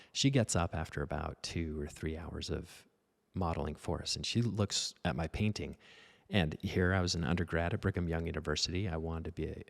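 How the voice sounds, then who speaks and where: A man's voice: deep voice, gravelly. A man in his forties, a painter and art teacher, talking casually while he paints, rambling and self-deprecating.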